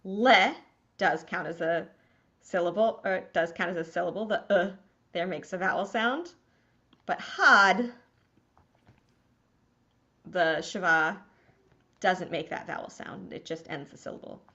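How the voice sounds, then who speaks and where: A woman's voice: on the low side, moderate pace, fairly bright tone, lo-fi sound. A woman rabbi teaching a small class to read Hebrew, patient and encouraging.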